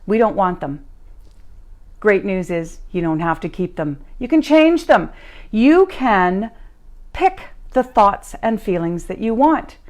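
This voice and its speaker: A woman's voice: medium pitch, very animated, takes it slowly, a little mellow. A woman hosting a motivational live stream who tells personal stories and repeats her key phrases for emphasis. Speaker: podcast host and life coach. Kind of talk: motivational talk, storytelling. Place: live stream recorded at home.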